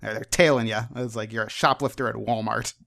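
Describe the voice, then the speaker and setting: A man narrating as game master of a tabletop role-playing game, halting with many fillers and restarts. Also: fairly low pitch, fairly even intonation, vocal fry, crowd noise.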